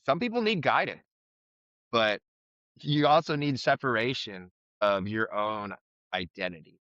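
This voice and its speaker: Male podcast co-host, frank and rambling, bright voice, dull close mic. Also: mid-range voice, lively intonation, measured pace, no room sound. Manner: rambling, frank, swears, many fillers. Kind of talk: casual recovery podcast chat.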